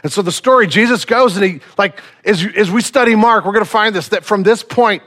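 A man preaching a sermon, retelling a story in casual slang and swinging from loud to hushed. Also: high voice, brisk.

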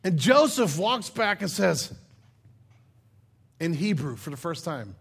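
Guy preaching, tells the bible story all animated, slangy, voice kinda high. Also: takes it slowly, creaky, slightly rough. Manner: animated storytelling, acts out characters' lines in casual slang. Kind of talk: sermon retelling a Bible story.

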